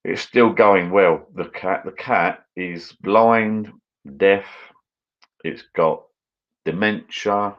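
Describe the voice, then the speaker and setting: A man's voice: low voice, takes it slowly, muffled recording. A British man hosting a casual live stream, chatting loosely and reading viewer comments aloud as he drinks. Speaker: channel host.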